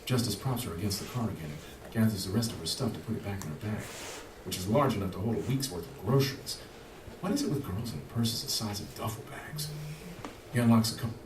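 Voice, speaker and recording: A man reading a novel aloud as an audiobook narrator, with expressive storytelling. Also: fairly low pitch, fast talker, distant mic. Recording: audiobook played through speakers, echoey room, from afar, with hiss.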